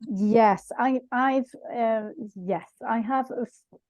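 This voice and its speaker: A woman's voice: a little high, slow pace, a little mellow, no echo, dull audio. A woman teaching a language class online, explaining sounds patiently and chatting with viewers.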